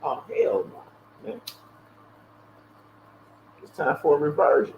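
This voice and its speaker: Animated, cursing man on a livestream. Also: fairly high pitch, slow pace. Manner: animated, profane, acts out both sides of phone calls. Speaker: livestream host. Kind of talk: casual livestream rant. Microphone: earpiece or headset. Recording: dull lo-fi stream audio with faint hiss.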